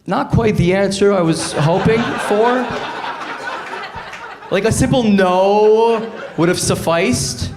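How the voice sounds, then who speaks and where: Canadian male comic in his forties, high voice, wry, plays both sides of a couple's fights, noisy live room. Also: slow pace, pauses often, a crowd in the background. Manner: wry, acts out both sides of marital arguments. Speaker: stand-up comedian. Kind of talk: stand-up routine. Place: comedy stage before a live audience.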